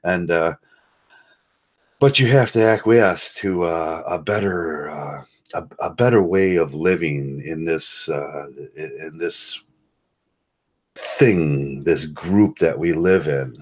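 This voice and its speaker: A man hosting a casual live stream, talking in a rambling, halting way with many fillers and chuckles. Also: low voice. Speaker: host. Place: home.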